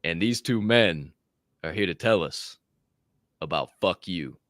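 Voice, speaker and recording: A man's voice: low voice, lively intonation, unhurried, a bit bright, no room sound, clean studio sound. A man co-hosting a motivational podcast, introducing segments in a joking hype-man way. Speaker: podcast co-host. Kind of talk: casual motivational podcast chat.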